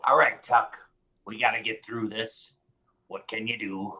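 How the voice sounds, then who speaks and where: A man playing a tabletop game in character, gruff and blunt. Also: fairly low pitch, fairly even intonation, a little slow, sharp tone. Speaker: player. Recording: dull lo-fi mic.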